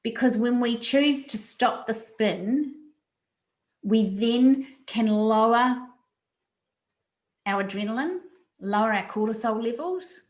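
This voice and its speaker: Woman, webinar presenter, bright and emphatic, echoey room. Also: fairly high pitch, slow, pauses often. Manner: animated, repeats words for emphasis. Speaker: resilience coach presenting a webinar. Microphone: video call mic.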